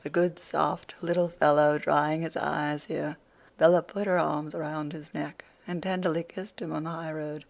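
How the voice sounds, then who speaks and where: An audiobook narrator reading a classic novel in a steady storytelling manner. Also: mid-range voice, normal speed, vocal fry. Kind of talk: scripted narration.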